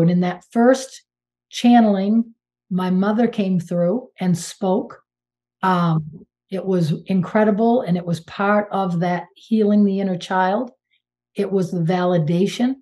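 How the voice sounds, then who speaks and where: A woman from Maine in her sixties, a guest medium telling her story in a casual interview, animated and emphatic with exclamations and restarts. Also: fairly low pitch. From Maine, United States.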